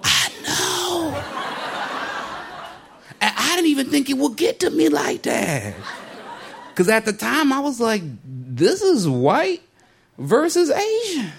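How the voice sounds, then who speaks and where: A man's voice: a little slow, gravelly. A man doing a stand-up comedy set in a club, telling a story animatedly and acting out the people in it. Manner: animated storytelling, acting out characters, swinging pitch. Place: comedy club stage with a laughing audience. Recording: live club recording with crowd laughter and noise.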